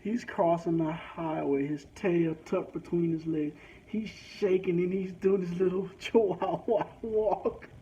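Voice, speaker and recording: Driving along, this man from a rural country town tells a crude, animated story full of swearing for his vlog. He speaks in a high voice at an unhurried pace, and the recording is dull and lo-fi with faint noise.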